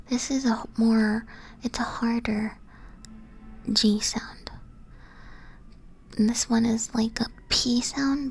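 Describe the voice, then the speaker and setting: A woman whispering softly in an ASMR stream, patiently teaching and correcting herself as she goes. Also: fairly high pitch, steady tone, takes it slowly, pauses often, husky, rough recording. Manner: soft unvoiced whisper, patient, self-correcting. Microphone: close ASMR microphone.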